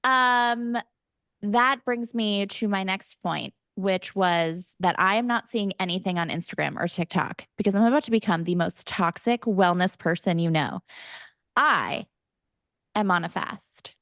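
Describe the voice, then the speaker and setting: A young woman co-hosting a podcast in casual chat, self-mocking and quick to joke. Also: mid-range voice, a bit bright, no room sound, studio quality. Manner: chatty, self-mocking, slips into playful Irish-accent bits. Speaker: podcast co-host.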